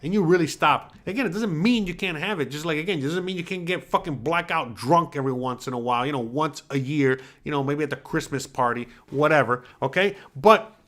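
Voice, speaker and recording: An American man in his forties hosts his own show, reading chat comments during a casual livestream. His fairly high voice moves briskly, and he's blunt and profane, peppering his talk with filler tags like "all right?"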